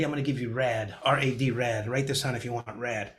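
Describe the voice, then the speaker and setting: A middle-aged man teaching a real estate class over a video call, energetic and motivational, often acting out panicked clients in a higher voice. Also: fast, hardly any pauses.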